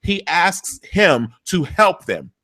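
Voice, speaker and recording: A man hosting a TV recap, retelling scenes with lively commentary and acting out the characters' lines. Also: sits high, slow pace, dry recording, studio quality. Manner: acts out characters' lines in dramatic voices. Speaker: recap show host.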